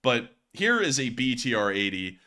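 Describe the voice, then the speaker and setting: Chatty man, bright voice. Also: mid-range voice, big pitch swings, normal speed, clean tone. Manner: chatty, joking, says y'all. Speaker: war news host. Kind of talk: casual news commentary over footage.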